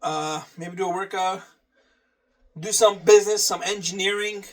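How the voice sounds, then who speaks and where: High-voiced man repeating himself. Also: fairly even intonation, moderate pace, recorded from a distance. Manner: repeats phrases, swears casually. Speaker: vlogger. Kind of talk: casual workout vlog.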